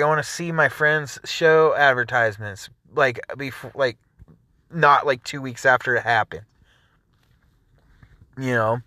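A man's voice: a little high, sharp tone, no room sound, studio quality. A man hosting a music show, ranting angrily and swearing heavily between songs. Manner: angry, swearing, rambling. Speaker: show host.

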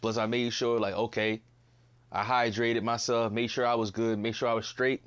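A man's voice: mid-range voice, flat delivery, normal speed, fairly bright tone, clean tone. A young man hosting a casual solo podcast, ranting bluntly, swearing and repeating himself in disbelief. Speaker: podcast host.

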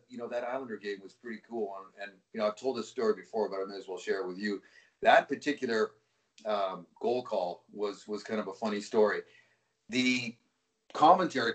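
A man's voice: mid-range voice, reverberant. A man who calls hockey games on air, telling a long story in an interview with many restarts. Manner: relaxed, rambling with frequent restarts. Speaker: hockey play-by-play broadcaster, guest.

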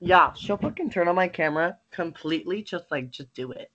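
A young adult on a webcam video call, ranting and swearing constantly, bursting into shouts and cry-like laughter. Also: mid-range voice, lively intonation, a little fast, muffled recording. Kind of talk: casual profane rant.

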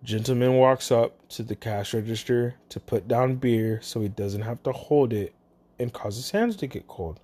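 A vlogger and parent casually retelling a run-in at a store, swinging between low mutters and sudden exclaims. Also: normal speed, warm tone. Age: adult, parent. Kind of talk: casual storytelling.

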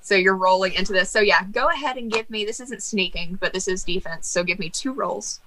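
A woman leads a tabletop game as game master, describing the scene with lively energy. Her voice has a bright, forward tone, and she talks casually, laughing and swearing now and then. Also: mid-range voice, fairly quick, a little hiss or hum, poor audio.

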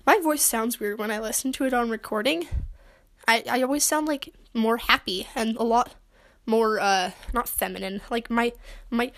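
A woman's voice: fairly high pitch, normal speed, a bit bright. A young woman from Utah hosting a solo podcast from her bedroom, chatting in a rambling, awkward, self-deprecating way. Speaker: podcast host.

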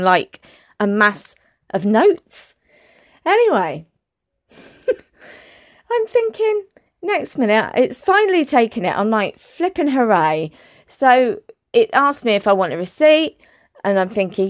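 An Englishwoman vlogger telling a story in a chatty, animated way, talking straight to her viewers. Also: on the high side, dry recording, clean studio sound.

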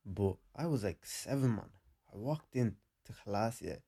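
A man's voice: fairly low pitch, lively intonation, unhurried, dark tone, slightly rough. A young man co-hosting a casual chat, telling stories in a laid-back but emphatic way. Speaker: podcast co-host.

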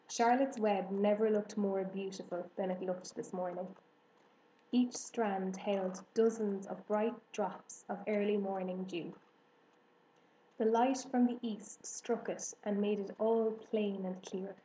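A woman narrating a children's storybook in an even, measured way. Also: mid-range voice, roomy sound, poor audio. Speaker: audiobook narrator.

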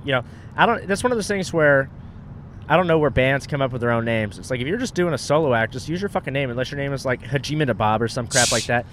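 A comedian on a road-trip podcast, animated and profane, acting out other people's lines in a high voice. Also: male voice, fast talker, slight background noise. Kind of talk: casual road-trip storytelling.

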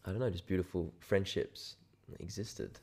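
Deep, gravelly Australian guest. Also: male voice, moderate pace, a little mellow. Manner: laid-back, enthusiastic, uses slang. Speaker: guest, aerial filming business owner. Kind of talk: casual chat.

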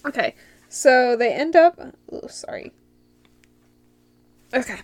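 A woman's voice: mid-range voice, measured pace, fairly bright tone, dry recording. A young woman from Michigan hosting a solo podcast, recapping a show in a giggly, rambling way that drifts into tangents. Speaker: podcast host.

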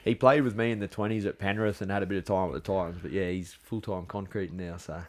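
A man's voice: sits low, steady tone, quick pace. An Australian man, a rugby league player, guest on a podcast, telling blunt, sweary stories with laughs in casual chat.

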